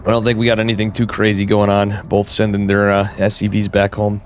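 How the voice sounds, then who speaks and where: A man with a cold casts a strategy game live, chatting casually to his viewers and tossing in jokey asides. His voice is on the low side, monotone and a little fast, with faint music behind him.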